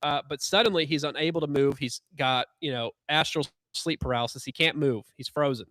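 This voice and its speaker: A man's voice: fairly high pitch, a little fast, fairly bright tone, no room sound. A man co-hosting a podcast, retelling a story in casual, sarcastic style with lots of fillers. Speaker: podcast co-host.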